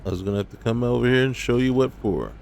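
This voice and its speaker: A man's voice: mid-range voice, fast talker, gravelly, a little mellow, faint music behind. A man giving casual gameplay commentary, talking to himself and scolding enemies in mock indignation. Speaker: gaming YouTuber.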